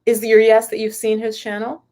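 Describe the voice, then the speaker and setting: With a rather high, dark-toned voice, this spiritual teacher and yoga host talks a little fast and completely flat. She chats casually and ramblingly on a live stream, speaking directly to her audience.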